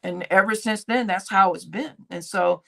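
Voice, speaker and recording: A woman's voice: mid-range voice, normal speed, gravelly, bright, forceful tone. A woman hosting a casual livestream, rambling through a story and acting out what people said. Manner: rambling, acts out quoted dialogue. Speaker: livestream host. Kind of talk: casual live-stream storytelling.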